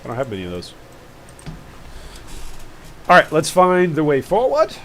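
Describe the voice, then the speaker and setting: A man's voice: a little high, wildly swooping pitch, moderate pace, a bit bright, slight background noise. A man streaming a game live, chatting casually and rambling with jokey asides to his viewers. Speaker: gaming streamer.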